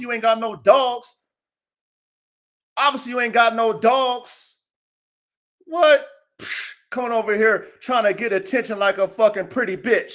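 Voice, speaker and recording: A man with a strikingly high voice for a man, hosting his own dog-training channel. He talks in a brash, taunting livestream rant, swearing freely and tacking "man" onto nearly every line. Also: a bit bright. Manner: profane, taunting, repeats "man" constantly.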